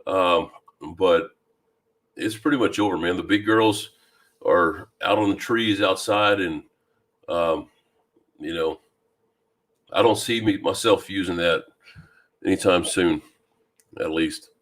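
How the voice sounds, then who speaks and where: A man from Louisiana hosting a fishing live stream, chatting casually and greeting viewers by name with a deep voice and plenty of ums. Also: takes it slowly, long pauses, fairly bright tone. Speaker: fishing channel host. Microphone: new microphone.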